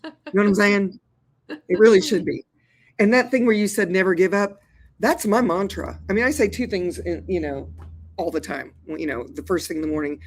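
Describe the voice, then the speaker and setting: A woman in her sixties, an actor and therapist, talking as a guest in an interview in an animated, colloquial way, calling listeners "y'all". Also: lowish voice, a little fast, slightly rough. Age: 60s. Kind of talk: lively interview conversation.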